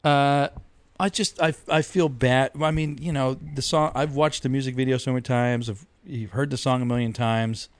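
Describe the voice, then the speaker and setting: Man, podcast co-host, rambling animated storyteller, mid-pitched voice, dry close sound. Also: moderate pace, no room sound. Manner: rambling, animated storytelling with mock-outraged quotes. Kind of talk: casual chat.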